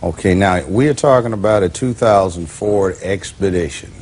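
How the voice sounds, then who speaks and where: Low-voiced wry TV judge man. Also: normal speed, a little mellow, slight background noise. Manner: wry, probing, interrupts with dry asides. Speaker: TV court judge. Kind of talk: courtroom questioning.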